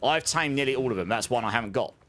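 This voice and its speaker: A man's voice: mid-range voice, lively intonation, fast, a bit bright. Chatty man streaming a game. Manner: chatty, laughs often, hums little filler tunes. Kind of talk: casual gameplay commentary.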